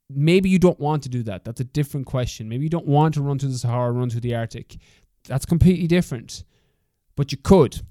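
Candid Irish man, smooth warm voice. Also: mid-range voice, no room sound, clean studio sound. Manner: candid, swears freely, coaching tone. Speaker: podcast host. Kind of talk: motivational solo podcast talk.

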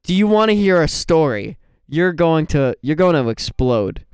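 A man's voice: on the high side, very animated, normal speed, smooth, dry recording, clean studio sound. A young man co-hosting a podcast, chatting casually and telling rambling, jokey stories. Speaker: podcast co-host.

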